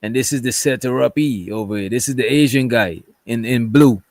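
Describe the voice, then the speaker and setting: A man's voice: mid-range voice, fairly quick, a little mellow, no room sound. Rambling man doing livestream commentary. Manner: rambling, reads text messages aloud, keeps asking "right?". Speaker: commentary streamer.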